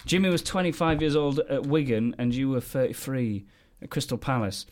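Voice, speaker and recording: A man's voice: mid-range voice, normal speed, darkish tone. A man hosting a quiz segment in a casual studio chat, teasing the others and laughing. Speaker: host running a quiz.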